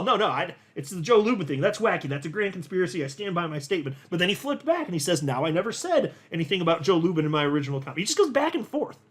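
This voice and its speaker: A man's voice: sits high, fairly bright tone. A man hosting a commentary show, reading out social media posts and reacting with exasperated, incredulous remarks and folksy sayings. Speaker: crypto commentary host.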